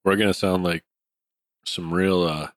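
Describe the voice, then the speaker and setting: Deep laid-back man, dry sound. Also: fairly even intonation, unhurried, no echo. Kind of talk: casual horror movie review chat.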